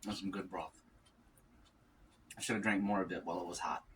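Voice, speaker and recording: A man's voice: low voice, steady tone, fairly quick, a bit bright. A man talking casually while eating on a mukbang vlog, musing aloud in a loose, rambling way. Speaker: mukbang vlogger. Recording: distant mic with faint ambient noise.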